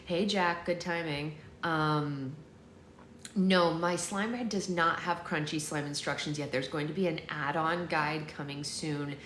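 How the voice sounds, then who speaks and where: A woman's voice: sits low, steady tone, a little slow, a bit bright, echoey room, slight background noise. Chatty woman hosting a livestream. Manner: chatty, reads out viewer comments, playful mock-boasting. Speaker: livestream host. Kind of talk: casual livestream chat.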